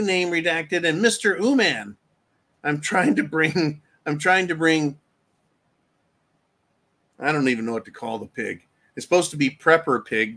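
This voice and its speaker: A man's voice: on the high side, fairly bright tone. A middle-aged man hosting a solo commentary rant, rambling, sarcastic and profane. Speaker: host.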